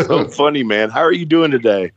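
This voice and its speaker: A man's voice: mid-range voice, no room sound, muffled recording. A middle-aged man hosting a podcast, talking in an earnest, emphatic way and often repeating himself. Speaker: host. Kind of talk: casual podcast chat.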